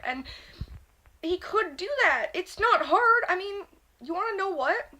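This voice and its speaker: A young woman vents in a loose, swearing vlog rant, her voice sitting a little high for a woman. She rambles and circles back, peppering almost every phrase with "like". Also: moderate pace, sharp tone. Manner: rambling and profane, constant filler "like". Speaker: vlogger. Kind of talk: casual ranting vlog monologue.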